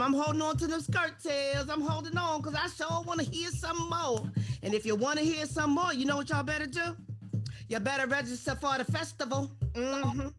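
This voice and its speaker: Woman emcee cheering folks on, high voice, fast talk, bit of music behind. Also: fairly bright tone. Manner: exuberant, fast, hyping up the audience. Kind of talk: energetic event hosting.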